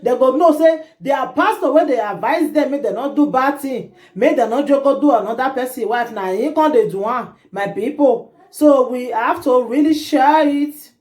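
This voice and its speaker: A woman's voice: high-pitched, moderate pace, hardly any pauses. Indignant Nigerian Pidgin woman vlogger. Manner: animated, indignant, addresses viewers. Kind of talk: gossip storytelling vlog. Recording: roomy echo.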